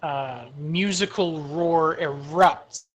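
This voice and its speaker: Drawing out her words in a low-pitched voice, a woman game master describes monster attacks in a tabletop game. She hesitates often and uses many fillers, with slight noise in the background.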